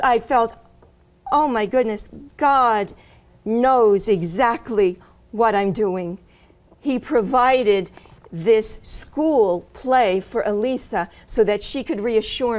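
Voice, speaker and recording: A middle-aged woman earnestly telling her faith story, with frequent fillers and pauses. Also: fairly high pitch, a little mellow. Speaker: guest sharing her testimony. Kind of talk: personal testimony in conversation.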